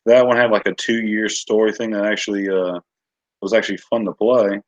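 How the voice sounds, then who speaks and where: A man's voice: lowish voice, level tone, moderate pace, no room sound, dull audio. A man chatting casually on a livestream, rambling and searching for words. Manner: rambling, lots of fillers and restarts.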